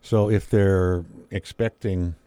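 Chatty man guest, low mellow voice, dry close sound; tells stories and slips into quoted voices. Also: fairly even intonation, takes it slowly, clean tone, no echo. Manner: chatty storyteller, acts out quoted voices with laughs. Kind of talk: casual conversation.

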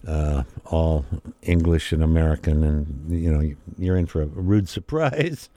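A man with a low, dark voice chats easily, telling anecdotes and acting out quoted exchanges. The recording is dry and close-miked. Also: measured pace, dry recording. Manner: chatty storyteller, acts out quoted voices with laughs. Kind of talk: casual conversation.

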